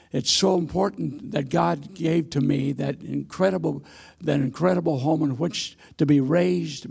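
Gravelly-voiced older man preaching. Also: on the high side, darkish tone. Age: 80s. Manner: folksy, self-deprecating storytelling with hesitations. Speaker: missionary preacher. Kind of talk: sermon with humorous stories. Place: church sanctuary.

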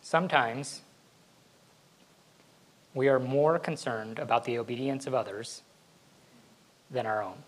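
A man's voice: medium pitch, a little slow, pauses often, low-quality recording. A male pastor giving a conversational sermon, laughing now and then and acting out what his kids say. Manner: conversational, laughs often, acts out kids' voices.

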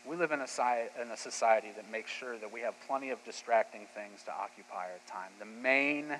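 Male pastor, sermon delivery, bright forceful tone, animated casual storytelling; echoey hall, faint hum. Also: mid-range voice, a little fast. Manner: lively storytelling retelling scripture in casual speech.

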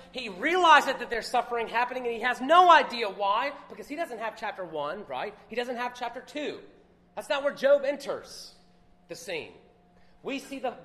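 A man's voice: high voice, fairly bright tone. A man, preaching an emphatic Bible survey sermon as pastor of his church. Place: church sanctuary. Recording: reverberant church hall.

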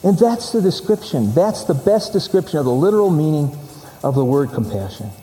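A man's voice: on the high side, very animated, a little fast, warm tone, long reverb tail. A man preaching a sermon, stressing and repeating key words as he teaches from scripture.

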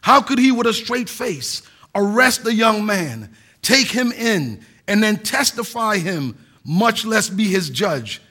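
Middle-aged pastor guy preaching, pretty high voice, earnest and emphatic. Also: expressive, slow, sharp tone, breathy edge. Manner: earnest preaching with emphatic stresses and some restarts. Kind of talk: sermon.

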